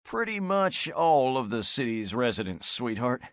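An easygoing young man speaks mildly and relaxed, as voiced by a male audiobook narrator. His lively voice carries a quiet amusement, recorded dry and close. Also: mid-range voice, unhurried, no room sound. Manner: mild, relaxed.

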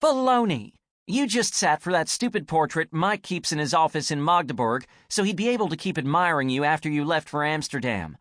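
A man's voice: on the high side, lively intonation, brisk, hardly any pauses, a bit bright, dry recording, clean studio sound, pitched above the performer's own voice. Man voicing an indignant young woman, snapping. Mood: angry. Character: exasperated young woman, sharp-tongued and desperate. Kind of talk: audiobook character voice.

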